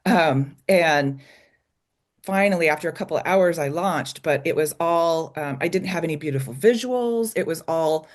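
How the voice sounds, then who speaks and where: Her voice is deep and her pace normal. An interview guest from the United States, she recounts a raw, emotional personal story tied to a small logging community in Idaho, stumbling through frequent ums and restarts.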